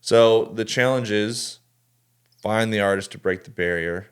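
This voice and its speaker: Man, very low voice, guest on a casual podcast, earnest, restarts his sentences a lot. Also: unhurried, clear, resonant tone. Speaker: tour photographer and videographer.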